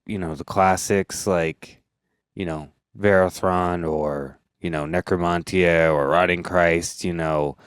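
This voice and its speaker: Low smooth-voiced man chatting. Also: fairly even intonation, slow, dry recording. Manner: rambling, many fillers, laughing easily. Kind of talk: casual music chat.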